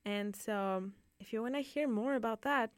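A woman's voice: a little high, moderate pace, no room sound, studio quality. A young woman hosting a radio talk show, reviewing plays in a rambling, giggly way with many fillers and restarts. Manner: giggly, rambling, full of fillers and self-corrections. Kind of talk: casual theater review chat. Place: radio studio.

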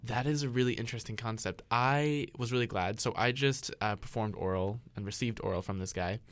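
A man's voice: mid-range voice, brisk, no echo. A young man co-hosting a candid chat, gushing and giggling as he tells a story. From Canada. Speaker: podcast co-host.

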